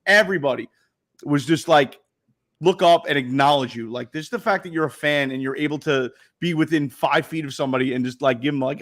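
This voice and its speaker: A man's voice: on the high side, brisk, fairly bright tone. A man co-hosting a sports podcast, rambling through stories in laid-back casual chat with lots of fillers. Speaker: podcast co-host.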